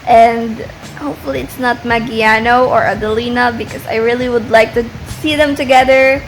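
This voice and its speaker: A woman's voice: fairly high pitch, steady tone, normal speed, a little hiss or hum, low-quality recording. A woman book vlogger chatting casually and a little hesitantly about a book she is reading, rambling as she thinks aloud. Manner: hesitant, rambling, soft-spoken. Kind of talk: casual reading vlog chat.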